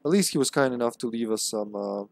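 Streaming a horror game live, a man comments as he plays, joking, tossing in sarcastic asides and casually talking back to viewers. His mid-range voice is creaky and his pace quick.

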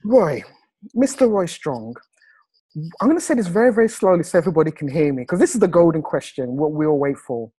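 A man hosting a video call, enthusiastic and salesy, slowing down to stress his points. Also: a little high, lively intonation, dark tone, husky, no room sound, low-quality recording. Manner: enthusiastic, salesy, slows down for emphasis. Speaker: host.

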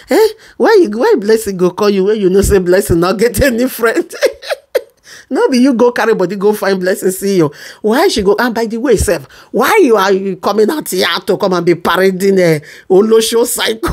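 A Nigerian woman hosting gossip commentary in Pidgin, animated and teasing, often breaking into laughter. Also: on the high side, moderate pace. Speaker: commentary host.

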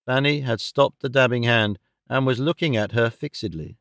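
A man giving scripted narration of a classic novel in a measured, even storytelling way. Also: mid-range voice, no echo, studio quality. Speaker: audiobook narrator.

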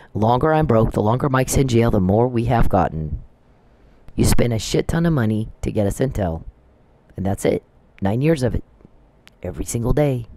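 A man's voice: medium pitch, dark tone, dry recording. Angry profane man ranting. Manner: heated, profane, accusatory. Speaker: vlogger. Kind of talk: angry monologue.

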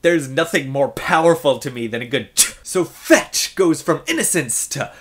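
A woman's voice: low-pitched, moderate pace. A woman talking to her viewers in a playful, musing vlog monologue. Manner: playful, animated, musing aloud. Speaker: vlogger.

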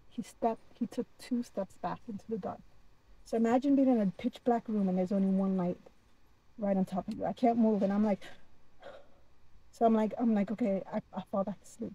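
Dark-voiced woman telling a dramatic story. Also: a little high, lo-fi sound. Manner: dramatic, animated, repeats herself. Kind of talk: casual storytelling to camera.

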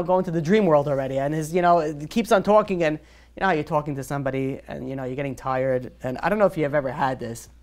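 A man who is a rabbi, telling a story in a lively sermon to a group, full of "you know" fillers and restarts. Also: fairly high pitch.

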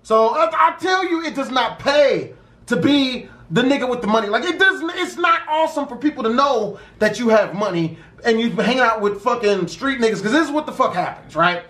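A young man casually telling a story about a friend, with profane street slang and an animated delivery. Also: extremely high pitch, moderate pace. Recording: roomy echo.

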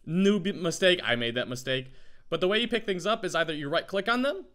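Bright-voiced man with groggy morning voice. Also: high voice, brisk. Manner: chatty, rambling, excitable. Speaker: gaming YouTuber. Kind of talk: let's play commentary.

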